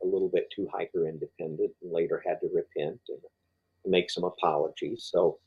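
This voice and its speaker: A man's voice: deep voice, steady tone, a little fast, husky, narrow, tinny audio. An older man as an interview guest, talking through his faith story, rambling with many fillers and restarts. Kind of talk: podcast interview conversation.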